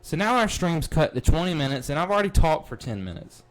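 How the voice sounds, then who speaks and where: A man hosting a wrestling recap livestream, talking casually, excitable and blunt, swearing freely. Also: fairly high pitch, fast talker. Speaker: podcast host.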